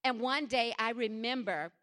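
A middle-aged woman preaching a sermon, impassioned and repetitive, swinging from hushed to loud. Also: on the high side, moderate pace.

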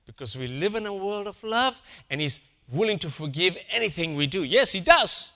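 A man preaching a sermon, dropping to quiet, slow emphasis and then rising to loud insistence. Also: high voice, animated. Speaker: pastor.

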